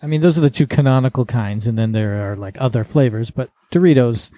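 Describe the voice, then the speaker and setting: A man co-hosting a podcast, explaining things quickly and earnestly in casual chat. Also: mid-range voice, dark tone. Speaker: podcast co-host.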